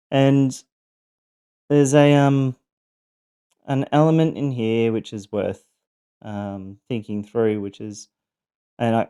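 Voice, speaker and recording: Soft, warm-voiced man telling his story. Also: on the low side, clear, resonant tone. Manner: earnest, thoughtful, with frequent ums and restarts. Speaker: podcast host sharing his survival story. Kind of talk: reflective personal monologue.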